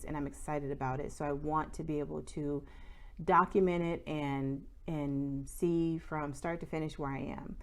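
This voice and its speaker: Young woman vlogging about her biz, kinda low voice, chatty and candid, lots of likes. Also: steady tone, moderate pace. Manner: candid, chatty, says "y'all" and "like" a lot. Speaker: small business owner and vlogger. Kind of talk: casual chat to camera.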